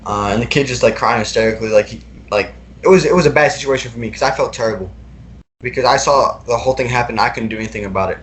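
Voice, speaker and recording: A man's voice: mid-range voice, fast, fairly bright tone. A young man recounting personal experiences as a podcast guest, talking casually with lots of fillers and repeated words.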